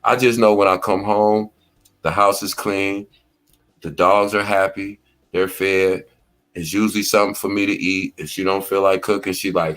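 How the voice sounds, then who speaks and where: Laid-back man, low voice, AAVE. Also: level tone, moderate pace, fairly bright tone. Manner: laid-back storytelling, acts out quoted lines. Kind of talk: casual commentary talk.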